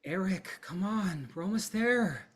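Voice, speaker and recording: A man's voice: high-pitched, lively intonation, unhurried, fairly bright tone, a little hiss or hum, voice pushed up. A man voicing a tired, desperate young wife who pleads for help.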